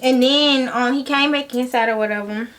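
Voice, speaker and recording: A woman's voice: sits high, normal speed, a bit bright. Slangy young woman telling a storytime. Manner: dramatic, slangy storytelling, addresses viewers as y'all. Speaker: vlogger. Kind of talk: casual storytime vlog.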